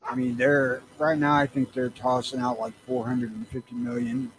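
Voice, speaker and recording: A man's voice: medium pitch, steady tone, moderate pace, slight background noise, poor audio. A man co-hosting a casual podcast, cutting in with wry, sardonic remarks. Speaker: podcast co-host.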